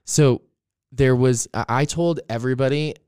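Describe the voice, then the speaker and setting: A man's voice: medium pitch, normal speed, smooth, no echo, clean studio sound. A young man hosting a podcast, telling a rambling prank story in casual chat, full of "like" and the odd curse word. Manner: rambling, animated storyteller with many "like"s and profanity. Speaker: podcast host.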